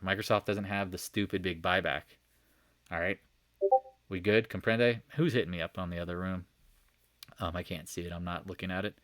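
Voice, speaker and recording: Man, low voice, casual chart talk, animated, jokey, cursing, dry mic. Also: dry recording. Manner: animated, profane, joking asides. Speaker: stock market commentator. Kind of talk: casual market recap over charts.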